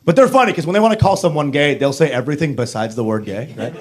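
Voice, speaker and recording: A man's voice: fairly high pitch, animated, fast talker. A male stand-up comedian with a brash, crude, punchy delivery.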